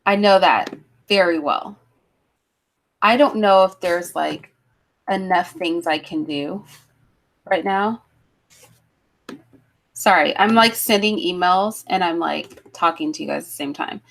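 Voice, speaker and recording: A woman's voice: lowish voice, a little slow, creaky, pauses often, a bit bright. A woman hosting a livestream talk show, chatting casually with guests and her live chat, laughing and thinking aloud as she goes.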